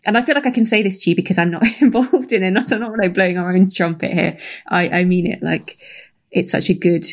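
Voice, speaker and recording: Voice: mid-range voice, fast talker. Podcast co-host, casual chat, earnest, upbeat, frequent laughter.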